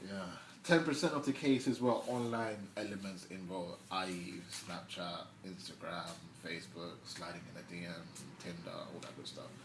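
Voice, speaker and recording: A man's voice: deep voice, normal speed, few pauses. A young man hosting a news vlog, giving casual news commentary in a slangy, chatty way with offhand asides. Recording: echoey room, faint background noise.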